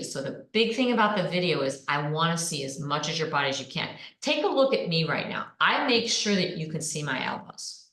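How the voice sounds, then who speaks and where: A woman coaches presenters in an energetic, emphatic way, leaning hard on her keywords. Her voice sits a little low for a woman. The sound is roomy, with a clear echo around her. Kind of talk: online presenting lesson. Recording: echoey room.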